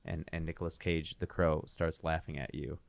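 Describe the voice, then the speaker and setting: A man with a very deep voice improvises a story on a podcast. He is easygoing and chuckles often, and fills his sentences with 'like' and 'uh'. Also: level tone, normal speed, vocal fry, a little hiss or hum. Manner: easygoing, filler-heavy, chuckling.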